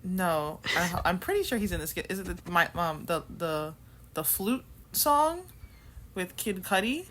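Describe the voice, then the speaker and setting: A woman co-hosting a podcast in casual chat, telling stories in an animated, giggly way. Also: lowish voice, measured pace. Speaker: podcast co-host.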